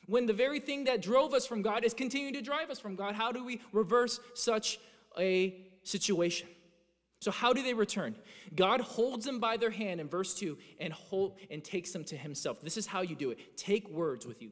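A man in his thirties preaching a sermon as a pastor, earnest and animated, often restarting his phrases. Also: high-pitched. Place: church sanctuary. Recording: long reverb of a church hall.

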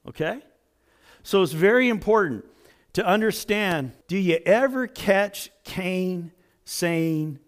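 A man preaching a sermon as pastor, dramatic, swinging between loud emphasis and hushed lines. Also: high voice, lively intonation, slow.

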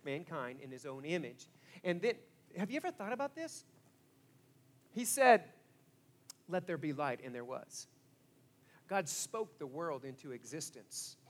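A pastor with a fairly high voice preaches a sermon through animated stories. He swings from hushed asides to loud exclamations.

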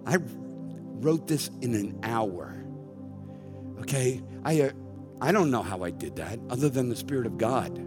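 A man's voice: medium pitch, animated, unhurried, pauses often. A middle-aged man preaching a sermon as pastor, emphatic and conversational, with wry self-deprecating asides. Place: church sanctuary. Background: soft music underneath.

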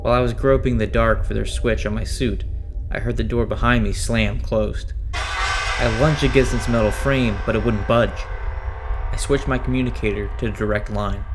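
A man's voice: lowish voice, steady tone, moderate pace. A man narrating a first-person horror story in a tense, dramatic way. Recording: narration over clear music. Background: music.

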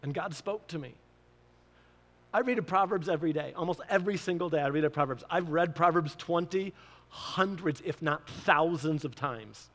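A man's voice: a little high, moderate pace, fairly bright tone, long reverb tail. A man preaching a sermon as pastor, telling stories and acting out his own prayers.

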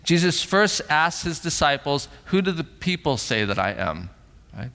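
A middle-aged man preaching a sermon as pastor in a church sanctuary, animated, acting out voices and asking rhetorical questions. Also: a little high, moderate pace. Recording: long hall reverb.

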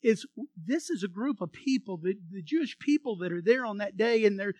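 Male pastor, very high voice, animated sermon, dry close sound. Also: a little fast, no room sound. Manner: animated, acts out voices from the story and leads the congregation in repeating phrases.

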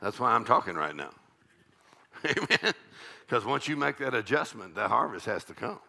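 An older man preaches with a heavily gravelly, rough voice and a sharp, tense edge. He works the congregation with folksy jokes and call-and-response questions. His pitch sits in the ordinary middle range for a man. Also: big pitch swings, normal speed. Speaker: pastor. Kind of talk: evening church sermon.

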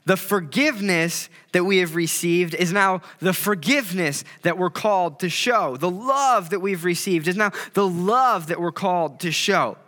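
A man's voice: a little high, bright, forceful tone, big-room sound. A man preaching a sermon in a conversational way, retelling a parable with quoted voices. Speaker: pastor.

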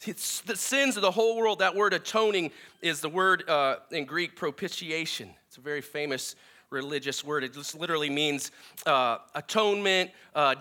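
A man preaching a sermon, his voice bright and ringing and set a little high. He talks earnestly and emphatically, pressing points hard and then dropping soft, often restarting mid-phrase. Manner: earnest, emphatic preaching with frequent restarts and wide swings in loudness. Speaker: pastor.

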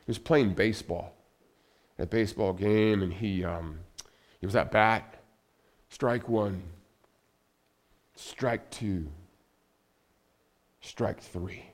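A man's voice: takes it slowly, long pauses. Man preaching in a storytelling sermon. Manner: conversational storytelling with many restarts; drops to a soft, low voice for heavy moments. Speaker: pastor. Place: church sanctuary.

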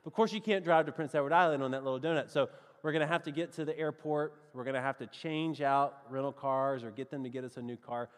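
A man with a Southern US accent preaching a sermon, telling a personal story in a lively, animated way and calling his listeners friends. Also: medium pitch, quick pace, big-room sound. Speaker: pastor.

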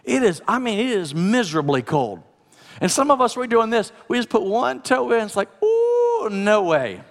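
A male pastor preaching a conversational sermon, swinging from loud, urgent passages to hushed, soft ones. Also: high voice, lively intonation, fairly quick, vocal fry, big-room sound. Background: music.

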